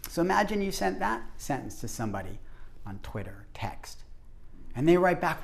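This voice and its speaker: A man's voice: high voice, lively intonation, normal speed, vocal fry. A man presenting an interactive workshop to a group, talking animatedly and acting out the voices he quotes.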